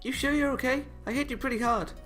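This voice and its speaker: A man voicing a small, energetic teenage girl who apologizes in a high, worried, rushed voice. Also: faint music behind. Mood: concerned. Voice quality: high-pitched girlish voice.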